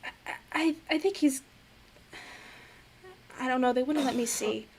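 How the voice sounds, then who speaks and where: Woman doing a shy worried clerk girl, kinda halting, a bit higher. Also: a little hiss or hum. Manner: hesitant, halting.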